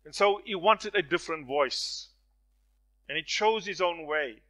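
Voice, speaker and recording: A man delivers a sermon in a bright, forceful voice pitched a little high. He drops to near-hushed phrases, then rises to loud, ringing declarations. He tells his stories with acted voices. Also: a little slow, poor audio. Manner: dramatic swings from soft to loud. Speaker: preacher.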